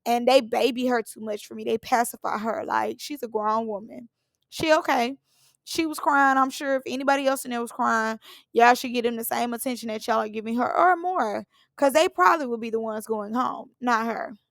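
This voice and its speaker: A woman's voice: a little high, fairly even intonation, moderate pace, creaky, fairly bright tone, no room sound. A woman, giving a sassy, opinionated recap of a reality show in a casual, blunt way.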